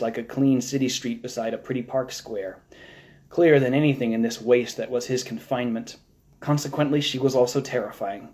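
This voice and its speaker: A man reading a novel aloud in a steady, measured narration. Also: medium pitch. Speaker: novel reader. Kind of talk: live audiobook reading.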